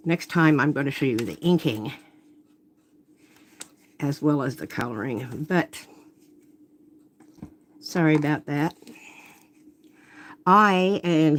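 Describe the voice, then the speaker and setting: A woman's voice: deep voice, a little hiss or hum. A woman hosting a live watercolor demonstration from her home workspace, talking casually as she paints, often breaking off to apologize or comment on her setup. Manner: chatty, self-interrupting, apologetic. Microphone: phone camera.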